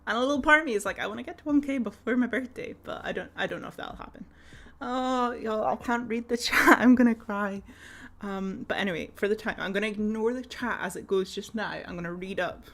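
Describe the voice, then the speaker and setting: A woman's voice: mid-range voice, fast talker, gravelly, fairly bright tone. A woman chatting casually with her viewers on a game live stream, giggly and rambling with lots of ums.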